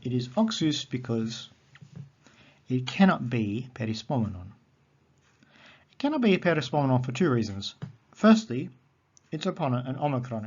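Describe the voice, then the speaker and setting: A man teaching a recorded lesson on Greek accents, methodical and repeating key terms slowly. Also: mid-range voice, a little mellow, lo-fi sound.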